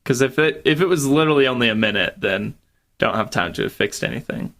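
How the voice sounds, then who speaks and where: A man's voice: medium pitch, animated, quick pace, a bit bright. A man playing a tabletop game, curious and full of questions. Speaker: player. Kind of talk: tabletop role-play.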